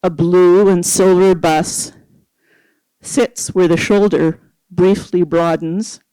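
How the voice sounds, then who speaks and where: Slow, measured poet reading aloud. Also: medium pitch, fairly even intonation, warm tone, clean tone, dry recording, rough recording. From Canada, Nova Scotia. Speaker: poet at an open mic. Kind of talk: poetry reading with spoken preamble.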